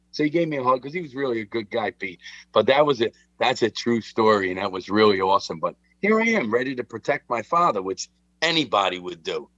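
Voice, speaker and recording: A man's voice: medium pitch, very animated, fairly quick, fairly bright tone, no echo. A middle-aged man tells a story in loose, casual chat. He talks with animation and acts out the voices in his tale. The recording is dry and a little dull. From Philadelphia. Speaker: guest storyteller.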